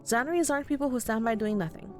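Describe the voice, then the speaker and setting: Lady doing a fond grandma voice, low and steady, soothing but firm, faint game music behind. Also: fast, lightly acted. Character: warm, doting grandmother, older woman. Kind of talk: visual novel voice acting.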